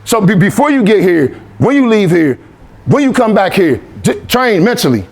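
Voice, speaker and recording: A man's voice: high-pitched, sing-song, moderate pace. A man giving a motivational speech to a youth team, repeating phrases and leading call-and-response. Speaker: motivational speaker.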